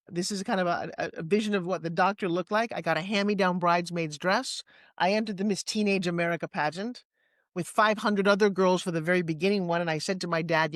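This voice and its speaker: A woman's voice: lowish voice, dry recording, clean studio sound. Candid New York woman in her sixties. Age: 60s. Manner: lively, candid, talks fast with quick asides. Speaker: interview guest. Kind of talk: personal storytelling in conversation.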